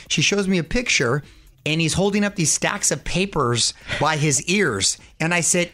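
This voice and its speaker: A man hosting a radio show, chatting casually and telling animated stories. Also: fairly high pitch, normal speed. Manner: lively, animated storytelling with laughs.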